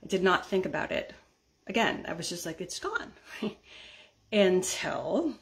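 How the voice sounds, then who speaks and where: This decluttering vlogger, a middle-aged woman, speaks a little slowly in a lowish voice with vocal fry. She's chatty, laughs between sentences, and often asks viewers "right?" or "okay?"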